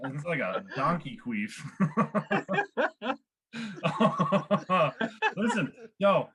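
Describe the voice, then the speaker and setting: Animated, bright-voiced male stand-up comic. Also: on the high side, a little hiss or hum. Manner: animated, laughs at his own jokes. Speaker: stand-up comedian. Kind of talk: stand-up set at an online open mic.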